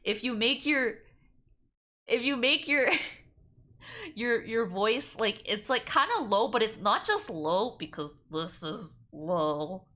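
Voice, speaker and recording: A woman streamer chatting casually while reacting to a video, animated and quick to laugh, with lots of filler words. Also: on the high side. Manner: animated, giggly, breaks into laughter often; chatty, heavy use of 'like'. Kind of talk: casual livestream reaction chat.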